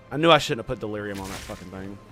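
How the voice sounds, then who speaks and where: A man giving live gameplay commentary as a streamer, excitable and quick to swear and rant in exasperation. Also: lowish voice.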